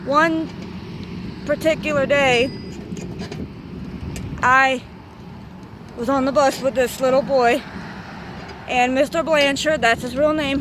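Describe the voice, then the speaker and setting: High-pitched woman rambling a vlog story, lots of traffic noise outside. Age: 30s. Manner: excitable, meandering storytelling with swearing. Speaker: vlogger.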